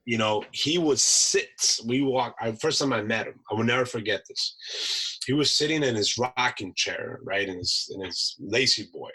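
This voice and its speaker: A man tells war-time stories casually, acting out voices as he goes. His voice is bright with a husky edge. He laughs often between lines. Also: mid-range voice, lively intonation, moderate pace, low-quality recording. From United States. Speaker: podcast guest, Marine veteran chef. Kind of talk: casual storytelling.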